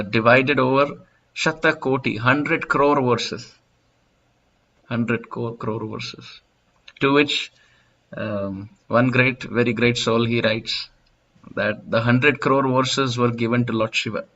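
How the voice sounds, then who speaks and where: A man giving a devotional scripture lecture in a temple, explaining and telling stories with soft laughs. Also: mid-range voice, fairly even intonation, takes it slowly. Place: temple hall. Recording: dull lo-fi lecture recording.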